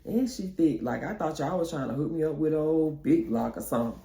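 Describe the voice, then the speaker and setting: Woman putting on a chill flirty dude, mellow low voice, roomy echo. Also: a little fast. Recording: echoey room.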